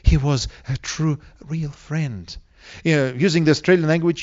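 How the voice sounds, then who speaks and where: A man's voice: fairly high pitch, fairly even intonation, normal speed, darkish tone. Earnest male preacher, dull lo-fi sound. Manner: earnest, asks the congregation questions. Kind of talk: sermon.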